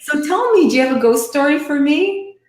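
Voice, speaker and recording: A woman with a Canadian accent hosting a live online chat, gushing and excitable in casual conversation. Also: high voice, reverberant, slight background noise. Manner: gushing, excitable, quick to laugh.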